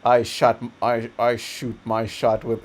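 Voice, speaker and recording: A man's voice: medium pitch, monotone, unhurried. A man chatting casually with friends while watching videos, rambling through offhand asides. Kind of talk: casual chat.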